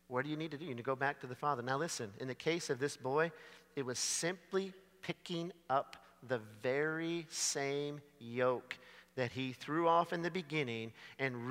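A man preaching a dramatic sermon, swinging from loud to hushed. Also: mid-range voice, big-room sound.

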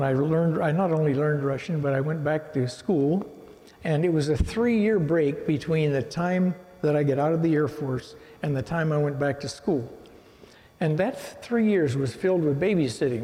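A man's voice: a little high, mellow. An older man giving a rambling church testimony, telling his life story with many restarts. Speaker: guest speaker giving testimony. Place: church sanctuary. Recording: reverberant hall.

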